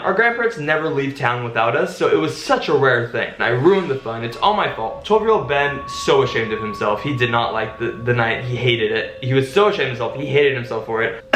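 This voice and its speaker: Young male vlogger, dramatic storyteller, slightly high voice, roomy echo. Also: bright, forceful tone, slight background noise. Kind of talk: casual storytime vlog.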